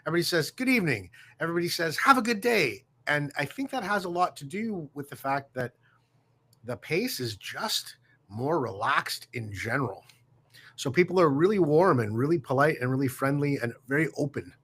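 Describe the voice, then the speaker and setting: A man, a guest on a show, telling a story in a reflective way, with fillers and pauses. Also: fairly high pitch, expressive, breathy edge. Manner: warm, reflective, halting with fillers. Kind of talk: casual storytelling.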